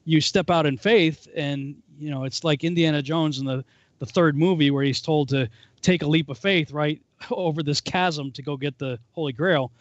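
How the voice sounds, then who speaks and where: A man's voice: a little high, normal speed, no room sound, highs cut off. A man on a panel call, casually telling a personal faith story and acting out quoted voices as he goes. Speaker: panel guest. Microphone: call audio.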